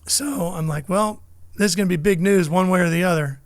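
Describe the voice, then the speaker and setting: A middle-aged man tells a lively story as a guest, acting out every voice in it. His voice sits high and has a gravelly edge. The recording is dry and close. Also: a little fast, no room sound. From California. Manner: animated storyteller, acts out quotes. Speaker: motorsports broadcaster, guest. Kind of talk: storytelling in casual chat.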